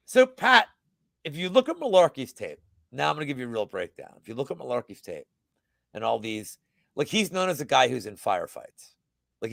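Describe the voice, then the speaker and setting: Lively, profane man ranting about bets. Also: mid-range voice, gravelly, dry recording. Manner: animated, profane, boastful rants. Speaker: sports betting guest. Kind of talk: casual livestream chat.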